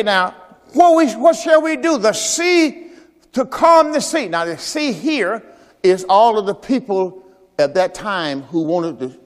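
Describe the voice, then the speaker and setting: High-voiced preacher guy, super lively, swings up to shouting, church echo all around. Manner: animated storytelling, acting out Bible characters, shouting peaks. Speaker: pastor. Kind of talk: sermon. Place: church service.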